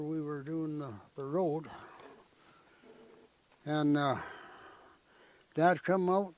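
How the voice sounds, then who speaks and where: A man's voice: a little high, a little mellow, rough recording. An older man, telling family stories in a rambling, folksy way and often tagging his sentences with "eh?". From Canada. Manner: rambling, folksy storytelling with frequent "eh?" tag questions. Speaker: interviewee. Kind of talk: storytelling in conversation.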